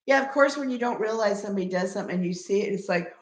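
A woman's voice: medium pitch, very fast. A middle-aged woman, the mother of the hosts, chatting casually as a guest and laughing as she tells stories. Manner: laid-back, laughing storyteller. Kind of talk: casual chat. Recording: echoey room.

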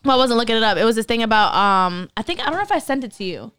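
A woman's voice: on the high side, very animated, very fast, a bit bright, clear, resonant tone, dry recording. Young woman, podcast co-host, casual rambling chat full of fillers. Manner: rambling, lots of fillers and restarts.

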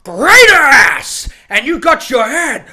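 A man putting on a loud, tough middle-aged male detective from a film, barking his words. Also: extremely high pitch, big pitch swings, slow, pitched above the performer's own voice, full character voice. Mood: yelling. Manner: barking, emphatic.

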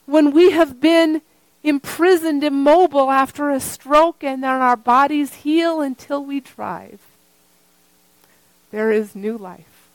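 A woman pastor preaching a sermon in slow, repeated phrases, at times singing a refrain. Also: high-pitched, no room sound, poor audio.

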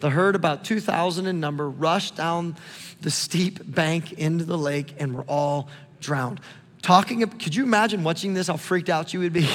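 A male pastor preaches in a lively, chatty way, his voice sitting high for a man. The sound carries a long hall reverb around it. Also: moderate pace. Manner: animated, conversational preaching with repeated calls to look. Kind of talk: sermon.

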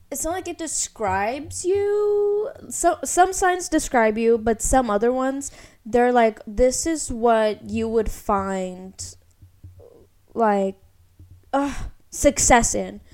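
A woman's voice: high-pitched, expressive, slow, a little mellow. A young woman co-hosting a casual podcast, chatting and reading an astrology chart aloud, leaning heavily on "like" between phrases. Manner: chatty, heavy use of "like". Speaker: podcast co-host.

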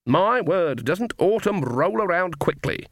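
A man doing a proud, sharp old witch. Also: fairly high pitch, lively intonation, measured pace, no room sound, studio quality, voice pushed up. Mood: sour. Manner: sharp and indignant.

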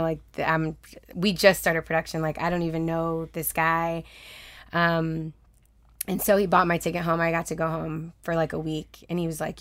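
A lively young woman with a fairly low voice tells a personal story in relaxed conversation. She laughs often and slips into the voices of the people she quotes. The recording is dry and close, with no room sound. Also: no echo. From Texas. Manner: chatty, animated, laughs often, acts out quoted dialogue. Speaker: guest.

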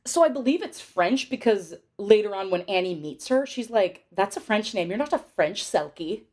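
A woman's voice: mid-range voice, lively intonation, normal speed, a little mellow. A young woman hosting a podcast, recapping a film in a chatty, rambling way with lots of fillers and giggles. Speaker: podcast host. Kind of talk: casual movie recap chat.

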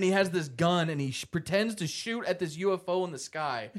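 A man with a somewhat high voice hosts a loose podcast conversation. He swears constantly and tells stories energetically, throwing in quoted lines from friends and videos. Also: brisk. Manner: swears freely, animated storytelling with voiced quotes. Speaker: podcast host. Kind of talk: casual podcast chat.

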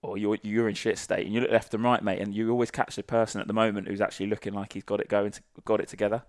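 A man with a low, gravelly voice recounts old training stories in a loose, profane, storytelling way. He is recorded close and dry, with no room sound. The interview is casual. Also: level tone, racing, no room sound. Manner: salty, sweary anecdotal storytelling. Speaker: guest, former army sniper.

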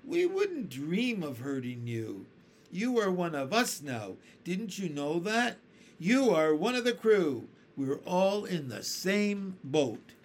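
A man's voice: high voice, very animated, takes it slowly, pitched above the performer's own voice, heavily acted. A man voicing a kind, reassuring ladybug in a storybook reading. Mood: kindly. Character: kindly fussing ladybug.

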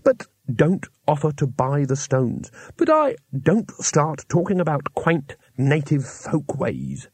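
A man reading an audiobook, voicing a weary, exasperated male wizard who grumbles and talks impatiently in a husky voice. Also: on the high side, wildly swooping pitch, takes it slowly, hardly any pauses, a little mellow, no room sound, full character voice. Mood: urgent.

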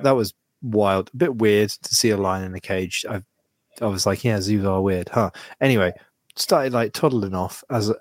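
A man co-hosting a podcast in casual chat, swearing freely and telling animated anecdotes. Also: on the low side, no echo, studio quality. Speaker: podcast co-host.

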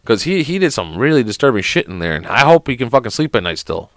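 A man's voice: mid-range voice, big pitch swings, fast talker, dry recording, studio quality. A young man who is sick hosts a podcast alone in casual chat. He swears constantly and rambles through anecdotes. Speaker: podcast host.

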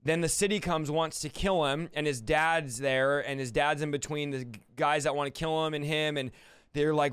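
A man's voice: on the high side, steady tone, moderate pace, fairly bright tone, smooth, no echo. Earnest man hosting a faith call-in. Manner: reassuring, earnest, retells scripture stories. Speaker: host answering callers. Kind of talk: faith call-in show advice.

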